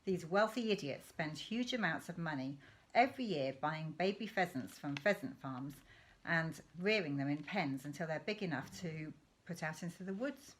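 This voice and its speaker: A woman's voice: low voice, animated, moderate pace. A woman voicing a mischievous storybook dad. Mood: scornful. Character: lively middle-aged English father, mischievous and conspiratorial. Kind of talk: read-aloud storybook dialogue.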